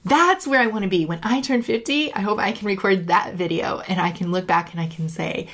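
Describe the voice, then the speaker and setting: A woman's voice: medium pitch, fairly quick, few pauses, fairly bright tone. Upbeat chatty woman in her late thirties. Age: late 30s. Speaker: leadership coach. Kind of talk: casual reflective monologue to camera.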